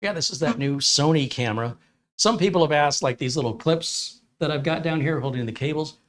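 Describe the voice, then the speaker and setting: A man's voice: a little high, brisk. A man hosting a casual tech livestream, chatting with viewers and reading out their comments in a rambling, think-aloud way.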